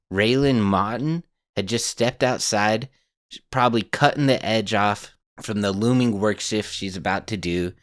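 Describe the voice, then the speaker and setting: Slow, low-voiced podcast host. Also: male voice, a bit bright, clear, resonant tone, dry recording, clean studio sound. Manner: laid-back, laughs easily. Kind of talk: casual storytelling to co-hosts.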